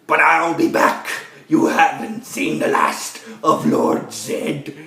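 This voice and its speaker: A man's voice: on the high side, very animated, slow, sharp tone, pitched below the performer's own voice, full character voice. A man briefly quoting a scheming male villain warlord who grumbles at his defeat, in an offhand way. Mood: grumbling. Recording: roomy echo.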